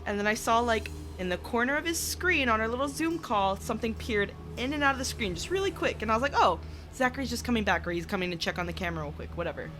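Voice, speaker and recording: A woman co-hosting a paranormal podcast, telling a story in lively casual chat, swearing often and laughing. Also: fairly high pitch, fast, few pauses, music in the background. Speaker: podcast co-host.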